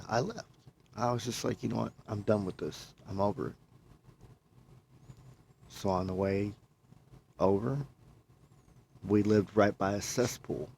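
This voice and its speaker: A man's voice: lowish voice, creaky, darkish tone, a little hiss or hum. A man talking casually, telling a long personal story and often quoting himself. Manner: rambling, repeats himself, quotes himself. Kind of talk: casual chat.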